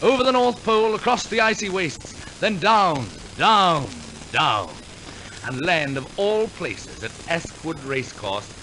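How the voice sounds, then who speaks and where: A man's voice: high voice, animated, moderate pace, hardly any pauses, fairly bright tone, slight background noise, rough recording. A man announcing and narrating a 1940s radio musical, telling the story theatrically with wry asides. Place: radio studio.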